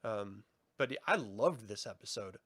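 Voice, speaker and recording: A man co-hosting a casual review show, relaxed and chatty, laughing often and swearing casually. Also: lowish voice, measured pace, slightly rough, no room sound, clean studio sound. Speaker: podcast co-host.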